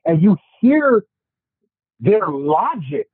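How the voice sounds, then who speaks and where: A man on a casual podcast discussion, ranting in an animated, profane way. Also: high voice, extremely slow, breathy edge, no room sound. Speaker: podcast panelist. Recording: tinny phone-like, dry sound.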